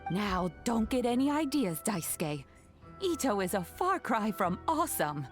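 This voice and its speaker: An actress playing a wise, stern elderly grandmother in a video game, speaking in a calm, measured way. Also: on the high side, faint music behind. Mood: scolding.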